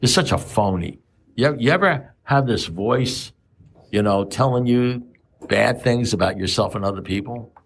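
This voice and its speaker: A man's voice: medium pitch, normal speed. A man in his seventies giving a blunt, profane talk at a recovery meeting, firing off repeated rhetorical questions. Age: 70s. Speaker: AA speaker.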